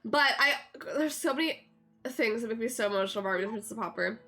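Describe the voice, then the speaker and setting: A woman's voice: on the high side, very fast, pushed and bright, soft background music. A young woman streaming a farming game, chatting in an emotional, gushing way full of "like"s. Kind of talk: casual game-stream chat.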